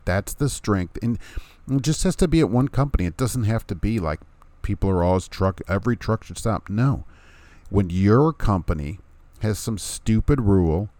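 A man's voice: on the low side, mellow, no echo. A man hosting a show, giving an opinionated monologue in a sarcastic, emphatic way and chuckling to himself.

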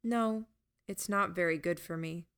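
A woman's voice: on the low side, unhurried, fairly bright tone, smooth. A woman voicing a timid, childlike stitched girl with a small, hesitant, pleading voice. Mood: meek, anxious. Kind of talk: audiobook character voice.

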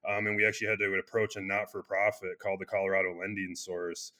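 A chiropractor being interviewed, talking earnestly in a casual conversation with loose restarts and frequent fillers. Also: male voice, deep voice, little pitch movement, quick pace, pushed and bright. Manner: earnest, speaks in loose restarts with many "you know" fillers. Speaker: chiropractor and clinic founder.

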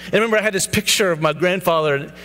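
A man's voice: high-pitched, racing, a bit bright. A man in his thirties, a pastor giving a personal testimony sermon, telling his story earnestly and acting out the dialogue. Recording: hall reverb, faint hum.

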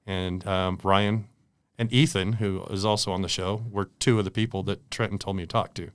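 A man's voice: deep voice, fairly even intonation, normal speed, clean tone, no room sound. An American man in his forties, a guest in an interview, telling stories in a chatty way with laughs. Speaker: guest, product manager. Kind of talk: casual interview storytelling.

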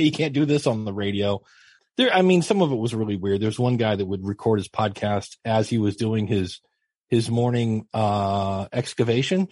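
A man's voice: lowish voice, darkish tone, husky, no room sound. A middle-aged man, a podcast guest, telling stories in a chatty, self-mocking way and acting out the people he quotes. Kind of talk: casual storytelling interview.

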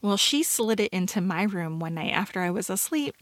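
A woman's voice: mid-range voice, animated, brisk. A middle-aged woman co-hosting a podcast, telling a self-mocking story in casual chat, full of fillers. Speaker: podcast co-host.

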